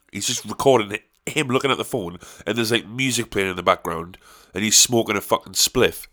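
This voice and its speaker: A man with a lowish, somewhat bright voice hosts a solo podcast, ranting on his own in a profane, sarcastic manner.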